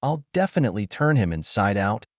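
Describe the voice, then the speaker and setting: A man's voice: on the low side, very animated, a little fast, no room sound, clean studio sound. A man voicing a confident investigator friend. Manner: assured, promising.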